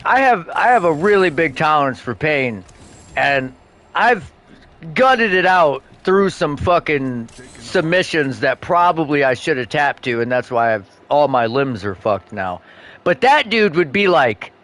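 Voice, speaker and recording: A man's voice: a little high, unhurried. A man streaming a game, telling stories in casual chat with lots of swearing and bursts of laughter. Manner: animated, profane storytelling with bursts of laughter. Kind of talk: casual chat while gaming.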